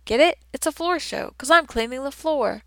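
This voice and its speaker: A woman voicing a jovial, booming male night janitor who talks in a loud, hearty, chatty way. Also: expressive, normal speed, no echo, exaggerated voice. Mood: jolly.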